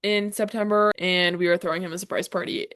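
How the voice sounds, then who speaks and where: A young woman co-hosting a podcast, chatting casually and rambling quickly through her stories. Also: lowish voice, little pitch movement, fairly bright tone, clean tone. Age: young adult. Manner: fast, rambling storytelling. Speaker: podcast co-host. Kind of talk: casual chat.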